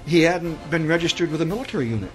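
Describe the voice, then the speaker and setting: A man's voice: a little high, expressive, fast, soft background music, poor audio. A man in his sixties, a veteran guest on a radio interview, telling his stories in a rambling way and often repeating words. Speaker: guest, Vietnam veteran author. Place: radio studio.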